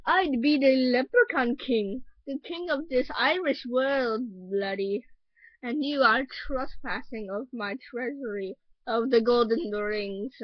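A woman's voice: on the high side, dry recording, lo-fi sound. A woman voicing a boastful male leprechaun king who taunts and calls people laddie, in a fan dub.

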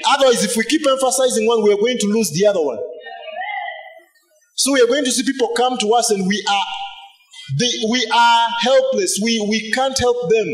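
A man's voice: very high-pitched, echoey room. A male pastor, preaching emphatically and asking the congregation rhetorical questions. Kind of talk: sermon.

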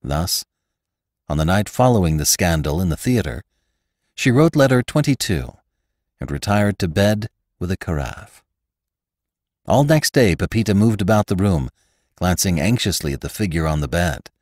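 A man with a very deep voice narrates a classic novel in a measured, expressive way. His intonation rises and falls with lively movement, and the recording is dry and close. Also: no room sound. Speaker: podcast host and narrator. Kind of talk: audiobook narration.

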